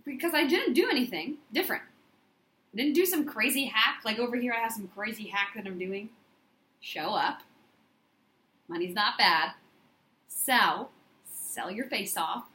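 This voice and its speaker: Woman, money coach, emphatic, repetitive affirmations, somewhat high voice, echoey room. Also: lively intonation, measured pace, pauses often, bright, forceful tone. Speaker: business coach. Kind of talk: motivational podcast monologue.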